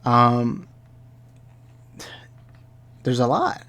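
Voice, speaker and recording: A man's voice: mid-range voice, moderate pace, vocal fry, a little mellow. A young man giving heated commentary, ranting and repeating himself as he talks. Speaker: commentary YouTuber. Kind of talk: angry reaction commentary.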